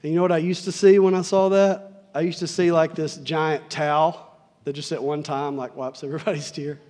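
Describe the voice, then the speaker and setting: Fervent high-voiced man preaching in an echoing sanctuary. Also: little pitch movement, a little fast, darkish tone. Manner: fervent, repeats lines for emphasis. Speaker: pastor. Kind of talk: sermon. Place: church sanctuary.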